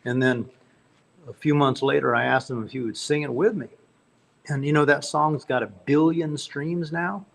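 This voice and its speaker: Gravelly-voiced songwriter guest, spins folksy yarns with lots of restarts. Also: male voice, a little high, fairly even intonation, normal speed, slight background noise. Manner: folksy, rambling anecdotes with repeated restarts. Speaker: guest, country singer-songwriter. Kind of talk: storytelling interview.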